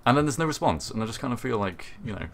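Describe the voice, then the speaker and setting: A British man hosting a casual livestream chat on a voice call, animated and quick to laugh. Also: mid-range voice, creaky. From Britain. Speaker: host.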